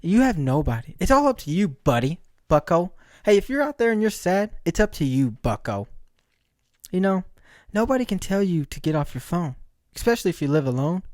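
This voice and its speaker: A man's voice: high voice, big pitch swings, a little fast, a little mellow, no echo, studio quality. Rambling, joking male podcast host. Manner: rambling, joking, laughs often; asks rhetorical questions. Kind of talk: casual solo storytelling.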